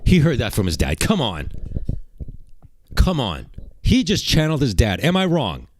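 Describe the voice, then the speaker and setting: A man's voice: mid-range voice, huge pitch swings, normal speed, slight background noise. A man doing mocking livestream reaction commentary, rambling and sarcastic, repeating rhetorical questions.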